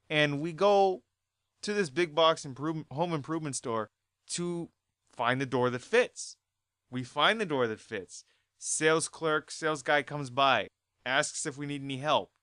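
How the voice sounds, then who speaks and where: A vlogger telling a story as an exasperated rant, repeating points and bursting into loud outbursts. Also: mid-range voice, expressive, a little slow, no room sound, studio quality.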